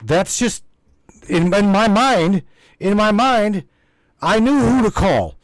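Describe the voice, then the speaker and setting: A man's voice: sits high, expressive, takes it slowly, no room sound. Emphatic rambling man hosting a livestream. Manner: rambling, repetitive, emphatic, swears freely. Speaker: host of a spiritual livestream broadcast. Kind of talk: casual spiritual talk to a live chat.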